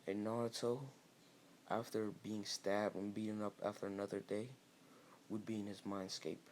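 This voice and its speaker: A man's voice: fairly low pitch, little pitch movement, normal speed, slight background noise. A man casually improvising a fan-fiction story, rambling with restarts and fillers.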